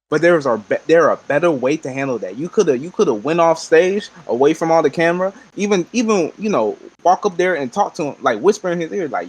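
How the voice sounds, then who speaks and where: A man co-hosting a podcast, talking in animated slang and laughing often. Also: a little high, brisk. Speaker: podcast co-host. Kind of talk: casual chat.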